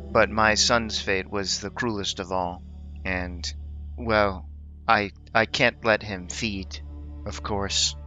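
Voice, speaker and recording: A man voicing a weary, grieving village priest who speaks haltingly, sighing and choking up. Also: on the low side, pushed and bright. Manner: halting, sighing, choked-up speech.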